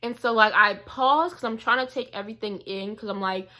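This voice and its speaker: A woman's voice: mid-range voice, brisk. A young woman vlogger telling an indignant storytime about a past job, quoting the people involved. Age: young adult. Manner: animated and indignant, quoting others. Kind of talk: storytime vlog.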